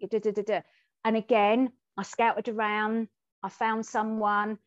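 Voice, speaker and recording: A woman co-hosting a podcast, telling a candid personal story at a mid pitch. She talks animatedly and acts out the dialogue she remembers. The recording is dry and dull. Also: level tone, a little slow, dry recording. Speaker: podcast co-host.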